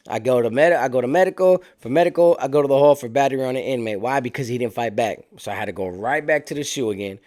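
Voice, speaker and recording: A man with a mid-range, slightly mellow voice talks fast with few pauses. He casually tells a story about prison life in street slang, acting out what others said.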